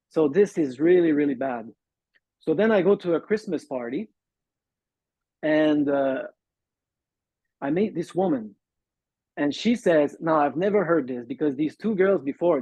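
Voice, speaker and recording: On a muffled call, a Montreal man whose native tongue is French tells the story of his recovery as an interview guest. His voice runs on the high side, and the dull, dry lo-fi recording has no echo. Earnest but halting, he acts out what people said.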